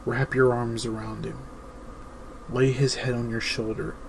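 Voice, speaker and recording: A man hosting his own show, giving earnest, emphatic advice in a deliberate monologue. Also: medium pitch, level tone, gravelly, slight background noise, rough recording. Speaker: host.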